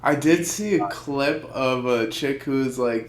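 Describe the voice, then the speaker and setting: Slow-talking young man, echoey room. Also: mid-range voice. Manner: loose, profane storytelling with put-on quote voices. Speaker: podcast co-host. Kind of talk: casual podcast chat.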